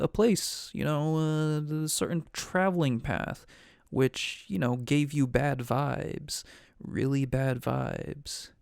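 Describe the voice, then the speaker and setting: A man's voice: mid-range voice, creaky, a little mellow, clear, resonant tone, no echo, clean studio sound. A man acting as game master, giving a rambling, profane, offhand recap of a tabletop game.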